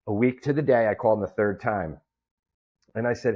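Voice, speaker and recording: In a muffled recording, a guest comedian and promoter rattles through a story in a casual interview. He talks fast at a medium pitch and animatedly voices the people he quotes.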